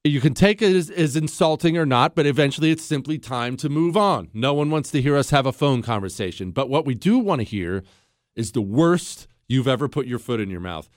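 A man in his forties hosting a radio talk show, telling a story with lively, mock-outraged quotes and then taking calls. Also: mid-range voice, fairly quick, dry recording, clean studio sound.

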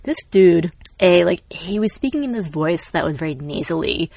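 A young woman co-hosting a casual podcast chat, an animated storyteller who acts out quotes and laughs often. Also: fairly low pitch, moderate pace, gravelly, no echo. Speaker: podcast co-host.

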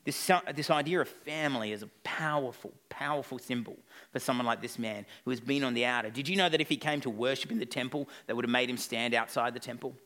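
A man's voice: mid-range voice, fast, bright, forceful tone. A male pastor preaching an evening sermon, retelling a story with playful asides to the congregation.

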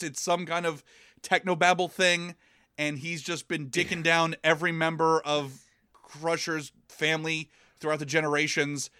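A man on a podcast, casually and profanely recapping a TV episode with sarcastic jokes and quick quoted lines. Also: on the high side, bright, forceful tone, smooth, no room sound, clean studio sound. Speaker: podcast co-host.

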